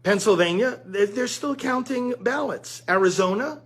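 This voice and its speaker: A high, husky-voiced man delivers an earnest commentary monologue, speaking directly to his audience as friends. His voice carries a slightly raspy edge throughout. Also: expressive, normal speed. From United States. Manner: earnest, addresses listeners as friends.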